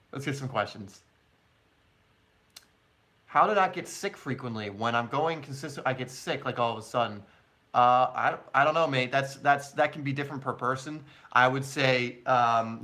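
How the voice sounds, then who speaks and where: A man's voice: mid-range voice, bright, forceful tone. A man hosting a live question-and-answer stream for his soccer channel, chatting casually with viewers and using many fillers.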